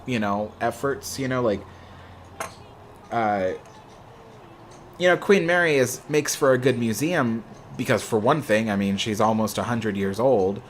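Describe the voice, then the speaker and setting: A man's voice: medium pitch, a little slow, pauses often, a little hiss or hum. A young man hosting a livestream, chatting casually in a rambling way with lots of "you know" fillers. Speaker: livestream host. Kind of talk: casual chat answering viewer questions.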